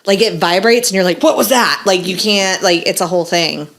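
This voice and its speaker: A middle-aged woman, telling a story in casual podcast chat, animated and swearing freely. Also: lowish voice, fairly quick. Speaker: podcast host.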